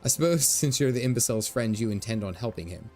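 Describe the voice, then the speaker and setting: A man reading out a sneering, cool-headed game character in a lowered, hushed voice, stumbling over words. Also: lively intonation, soft background music, close to an everyday voice. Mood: sardonic. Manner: read aloud haltingly with stumbles, low and hushed.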